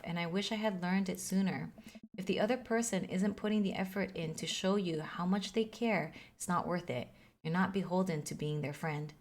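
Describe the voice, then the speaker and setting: A woman reading the lines of a caring, slightly goofy father from a video game, earnest and gently reassuring. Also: lowish voice, vocal fry. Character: caring, goofy single dad consoling his daughter.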